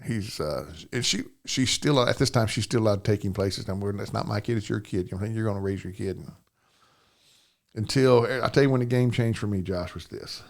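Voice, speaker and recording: A man's voice: lowish voice, fairly quick, creaky. An older man, a podcast guest telling a personal story in plain, rambling speech, often asking "you know what I'm saying".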